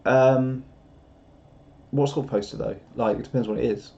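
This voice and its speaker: A man's voice: mid-range voice, fairly even intonation, moderate pace, vocal fry, warm tone, muffled recording, a little hiss or hum. A man rambling casually on a live stream, laughing at himself. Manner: rambling, self-mocking, laughs often.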